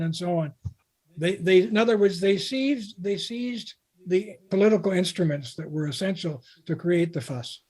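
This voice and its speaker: An older man from Canada speaks as a guest in an interview, telling one anecdote after another. His voice sits a little high for a man, and he rambles along with frequent restarts. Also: a little mellow. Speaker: guest, author. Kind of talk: casual interview talk.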